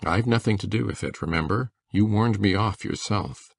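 A woman voicing a shy, gentle elderly farmer in an audiobook drama, with a low gravelly voice. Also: normal speed, no room sound, full character voice. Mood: forlorn.

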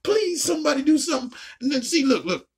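A woman ranting casually and profanely while reacting to a show, with a raspy, gravelly voice. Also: sits high, very animated, fast, a little mellow. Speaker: video reactor.

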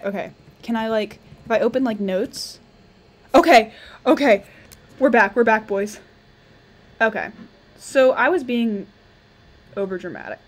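A young woman giving casual, chatty commentary on her own gameplay, thinking aloud and quick to exclaim. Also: a little high, a little hiss or hum. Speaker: gamer.

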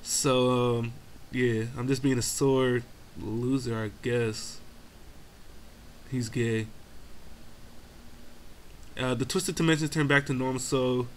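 A man's voice: medium pitch, steady tone, slow pace, pauses often, slight background noise. A young man doing casual game commentary, giving play-by-play full of profanity, exasperated grumbling and self-mocking asides. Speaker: gaming commentator.

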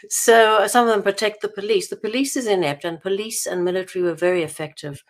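A woman's voice: medium pitch, brisk. Chatty woman from South Africa. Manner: chatty, many restarts and laughs while telling anecdotes. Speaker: author being interviewed. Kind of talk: casual interview over a call.

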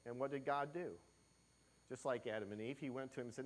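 Male preacher, slightly high voice; church sermon, rhetorical questions, acts out quoted figures. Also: a little fast. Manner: preaches with swings from loud to hushed; many questions to the congregation. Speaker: pastor.

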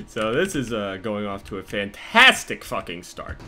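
A young man giving live gameplay commentary, cursing constantly and swinging from low muttering to panicked yells. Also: a little slow. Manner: profane, excitable, jumps from muttering to panicked yelling. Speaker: gaming commentator.

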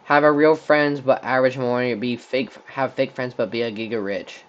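Give me a young guy casually playing would-you-rather on camera, mid-pitched and easygoing, with a slightly muffled home recording. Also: steady tone, normal speed. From Texas. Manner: rambling, thinking aloud with many likes and restarts. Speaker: channel host. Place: room with a squeaky chair.

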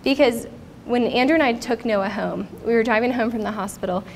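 A woman's voice: fairly high pitch, brisk, a little hiss or hum. A woman in her thirties speaking at a conference, telling a personal story in an earnest, reflective way. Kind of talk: personal testimony talk. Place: conference stage.

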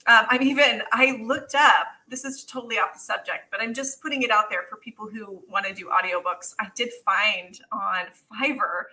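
A woman co-hosting an author podcast, her voice very bright and ringing. She talks in a loose, chatty way and laughs often as she goes. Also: medium pitch, normal speed, hardly any pauses, rough recording. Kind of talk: casual chat.

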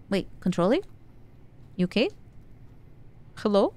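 A woman's voice: medium pitch, lively intonation, unhurried, pauses often, soft background music. A woman streaming a stealth video game, chatting playfully with frequent giggles and stammered restarts. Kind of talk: live game commentary.

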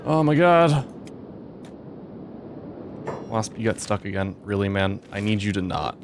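A young man giving gameplay commentary, swearing often and breaking into excitable outbursts. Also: on the low side, unhurried, slight background noise. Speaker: let's play host.

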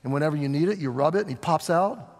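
A man teaching scripture verse by verse as a pastor, talking in an animated way and acting out the voices of the people and Jesus. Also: quick pace. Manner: animated, voices the crowd and Jesus with shifting pitch. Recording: long hall reverb.

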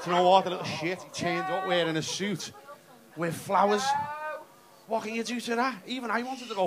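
Man, stand-up comedian, high-pitched, brash and sweary, noisy live club recording. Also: fast talker. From England. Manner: brash, sweary, crowd-teasing. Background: audience laughter.

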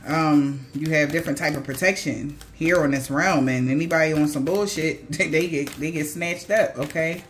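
A woman's voice: low-pitched, moderate pace, hardly any pauses, slight background noise. A woman giving a casual spiritual reading to her viewers, cursing freely, laughing often and talking straight to them. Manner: profane, laughing, animated, talks straight to viewers. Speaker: psychic reader.

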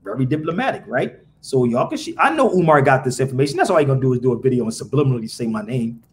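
A man's voice: mid-range voice, big pitch swings, very fast. A man hosting a live podcast, ranting profanely and firing rhetorical questions at his viewers. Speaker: podcast host. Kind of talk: casual live-stream rant.

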